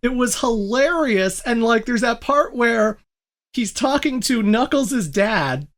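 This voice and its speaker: A woman co-hosting a podcast in casual chat, retelling scenes with animated energy and laughing as she goes. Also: on the high side, slow pace. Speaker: podcast co-host.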